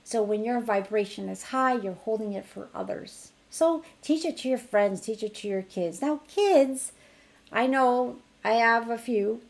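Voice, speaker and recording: A middle-aged woman teaching an energy healing technique in a chatty online class, her voice rising brightly when she acts out what she tells others. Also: a little high, unhurried, vocal fry. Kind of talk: casual online teaching demonstration.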